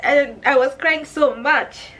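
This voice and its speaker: High-voiced Kenyan woman telling her story. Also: slow pace, bright, forceful tone, rough recording. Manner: emotional, addresses viewers as guys, repeats herself. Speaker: vlogger. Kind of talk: personal storytelling vlog.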